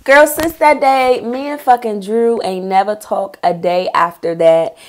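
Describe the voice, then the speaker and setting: A woman telling a personal storytime in a casual vlog, animated and profane, talking straight to viewers. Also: mid-range voice, a little slow. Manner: bursts into laughter mid-story.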